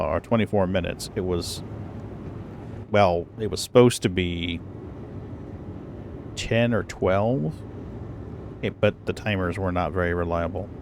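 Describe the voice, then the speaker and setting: Male streamer, low-ish voice, easygoing and profane, faint background hiss. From North Dakota. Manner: laid-back, swears casually. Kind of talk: casual gaming chat.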